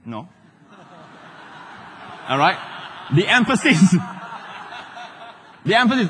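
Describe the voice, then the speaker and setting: A middle-aged male pastor preaching a sermon, animated, swinging between loud declarations and hushed asides. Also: fairly high pitch, slow, pauses often, slight background noise. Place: large church hall. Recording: live church hall with long reverb.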